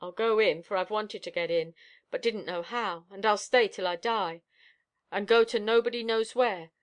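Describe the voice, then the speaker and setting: A woman reader voicing a ragged, worn-out young mother with a husky, sneering voice, in a storybook reading. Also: medium pitch, normal speed, close to an everyday voice. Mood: weary. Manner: sneering, weary.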